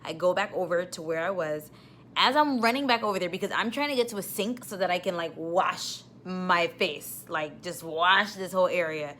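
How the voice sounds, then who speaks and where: With slight background noise behind her, a young New York nurse from the ER tells a vlog story in a fairly low voice at normal speed. She becomes steadily more exasperated, her animated telling breaking into escalating outbursts.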